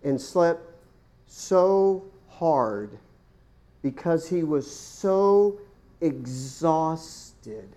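A man delivers a sermon in a dramatic, theatrical manner. He calls his listeners folks and fires rhetorical questions at them. His voice leaps to loud exclamations, then sinks to hushed, near-whispered lines. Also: fairly high pitch, expressive, extremely slow. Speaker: preacher.

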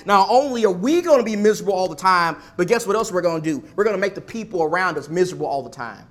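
A man delivers a sermon in a high, light voice. He stacks rhetorical questions and repeated phrases for emphasis. His volume swings between forceful pushes and quiet asides. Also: animated, quick pace, hardly any pauses. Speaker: preacher.

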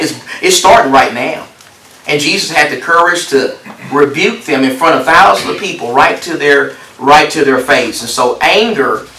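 Emphatic preacher in an echoey hall. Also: male voice, a little high, pushed and bright. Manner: emphatic, repeats phrases for stress, asks the congregation questions. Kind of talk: sermon. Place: large hall with a congregation. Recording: roomy echo, distant mic.

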